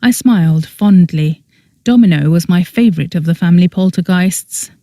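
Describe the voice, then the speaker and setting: An audiobook narrator reading a first-person story in an even storytelling manner, close to the mic. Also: medium pitch, normal speed, no echo.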